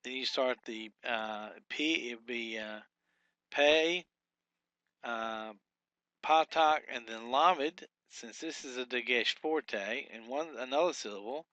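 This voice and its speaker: A male teacher walking through workbook exercises, spelling out syllables one by one with frequent pauses and fillers. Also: mid-range voice, bright, forceful tone, dry recording, highs cut off. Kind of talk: recorded lesson walkthrough.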